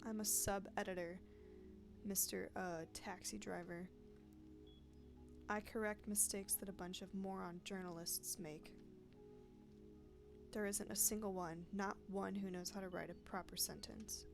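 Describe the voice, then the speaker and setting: A woman's voice: mid-range voice, fairly even intonation, unhurried, gravelly, long pauses. A woman reading the lines of a bitter, vengeful female newspaper sub-editor, cold, accusing and pedantic, over game music.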